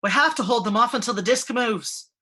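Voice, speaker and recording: Gruff, bossy dwarf warrioress barking orders in a bright, strong voice, read by a woman. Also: fairly high pitch, a little fast, pitched above the performer's own voice. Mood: commanding. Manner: brusque, commanding, shouting orders.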